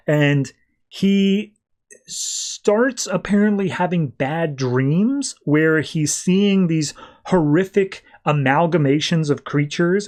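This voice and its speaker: A man's voice: mid-range voice, darkish tone. A man hosting a podcast, recapping a comic book issue in a loose, conversational way full of "like" and "uh". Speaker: podcast host.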